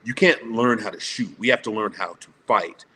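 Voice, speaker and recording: A man's voice: on the low side, normal speed, pushed and bright, slight background noise. A blunt, profane man speaking emphatically as a guest on a casual panel talk show.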